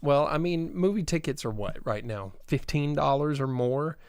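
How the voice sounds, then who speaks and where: Relaxed man in casual chat. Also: on the high side, normal speed, clear, resonant tone. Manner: relaxed, chatty, with filler words. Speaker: podcast co-host.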